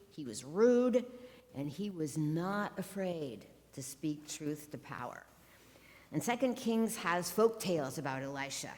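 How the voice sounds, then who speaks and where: A woman pastor preaching a sermon from the pulpit, with wry, sarcastic asides. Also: sits low. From Ohio. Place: church sanctuary. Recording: long church reverb.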